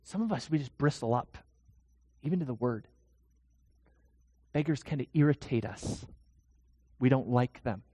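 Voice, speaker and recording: A pastor delivering a dramatic sermon in a church, swinging from hushed to loud. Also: medium pitch, normal speed, long pauses, breathy edge, big-room sound.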